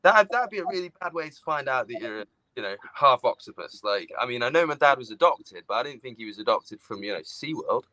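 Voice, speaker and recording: A man co-hosting a casual podcast chat, telling stories in a lively way and acting out his own reactions. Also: medium pitch, a little fast, hardly any pauses, dry recording, low-quality recording. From outside the United States. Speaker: podcast co-host.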